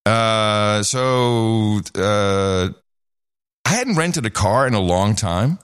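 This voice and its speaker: A man's voice: fairly low pitch, very slow, smooth, no room sound, clean studio sound. A man co-hosting a casual talk show, laughing often and telling stories. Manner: laughs often, animated storytelling. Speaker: podcast co-host. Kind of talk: casual chat.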